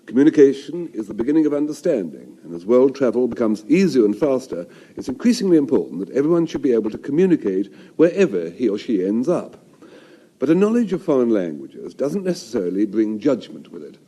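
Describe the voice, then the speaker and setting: British man, dark and mellow reading voice. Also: mid-range voice, very animated, fairly quick. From Britain. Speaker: co-presenter reading quotations. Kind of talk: scripted comic readings on radio.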